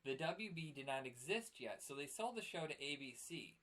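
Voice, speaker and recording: A man's voice: on the high side, expressive, moderate pace, fairly bright tone. A man co-hosting a casual chat about old cartoons, rambling with fillers and laughing often. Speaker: podcast co-host.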